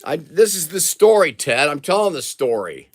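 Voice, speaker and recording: A man's voice: a little high, moderate pace. An older man co-hosting a livestream, telling a rambling story in casual chat. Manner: chatty, rambling, animated. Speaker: livestream co-host.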